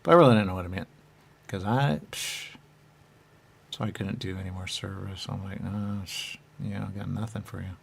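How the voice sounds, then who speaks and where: Man, low-pitched, gravelly, rambling channeling talk, hesitant, high-voiced quotes. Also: steady tone. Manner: halting and hesitant, trailing off into fillers.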